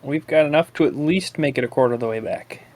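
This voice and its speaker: A man's voice: a little high, fast, no room sound. A man making dry wisecracks in casual chat while friends play a space game. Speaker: gaming commentator.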